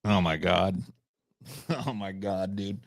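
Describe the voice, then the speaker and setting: Gravelly, sarcastic, profane male commentator. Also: deep voice, level tone, takes it slowly, no echo, studio quality. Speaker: commentator reacting to a video. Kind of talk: casual reaction commentary.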